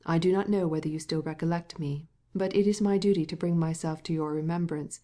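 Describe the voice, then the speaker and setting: A woman's voice: sits low, steady tone, brisk, dark tone, natural voice. A woman voicing an ironic elderly prince in an audiobook, with dry, wry remarks. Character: blunt, ironic elderly male prince, a father.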